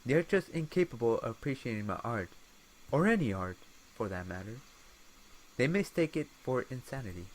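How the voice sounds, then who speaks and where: A man's voice: medium pitch, very animated, normal speed, close to an everyday voice, rough recording. A man voicing an eccentric male artist committed to an asylum, musing dreamily in an attempted British accent. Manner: musing, dreamy, softly intense.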